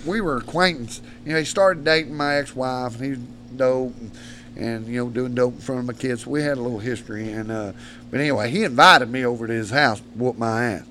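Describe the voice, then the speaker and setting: A man guesting on a studio podcast, telling rough, colloquial stories in a rambling way with restarts. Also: medium pitch, a little fast, pushed and bright, a little hiss or hum. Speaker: podcast guest, predator hunter. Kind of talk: casual storytelling.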